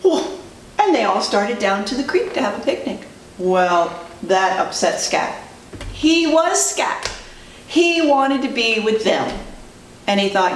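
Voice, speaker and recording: A female preschool teacher telling a story to children in an animated way, asking them questions as she goes. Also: on the high side, slow pace. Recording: roomy distant recording, faint noise.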